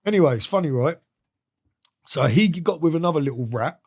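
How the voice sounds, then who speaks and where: A man sits in as a podcast guest and tells a story in a lively, streetwise way. His speaking voice sits a little higher than most men's. He swears freely and slips in and out of the voices of the people he quotes. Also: moderate pace, pauses often, slightly rough. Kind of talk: casual interview storytelling.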